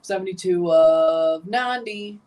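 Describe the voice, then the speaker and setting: A woman's voice: lowish voice, measured pace, mellow, far from the mic. A woman hosting a live match watchalong, chatting casually and calling the plays in short bursts.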